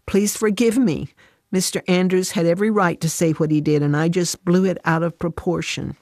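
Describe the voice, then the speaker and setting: A woman voicing an upset, defensive working mother who protests in a high, emotional voice. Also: steady tone, normal speed, a little mellow, no echo, clean studio sound. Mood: contrite prayer.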